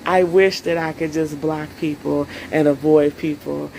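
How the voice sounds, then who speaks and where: A woman's voice: low voice, steady tone, measured pace, gravelly, a little mellow, slight background noise, rough recording. A woman coaching viewers on self-care in a solo live stream, earnest and emotional, speaking straight to her audience.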